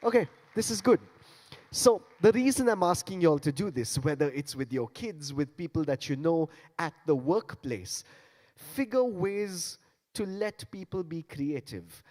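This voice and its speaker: On stage in a large conference hall, a man playfully talks about and demonstrates beatboxing, coaxing people to join him. His fairly high, darkish voice is animated, though he speaks a little slowly. Long reverb carries through the hall.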